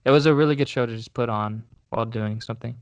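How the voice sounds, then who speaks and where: A man's voice: mid-range voice, fast, dry recording, highs cut off. A young man co-hosting a podcast, chatting casually and rambling with restarts. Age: young adult. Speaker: co-host.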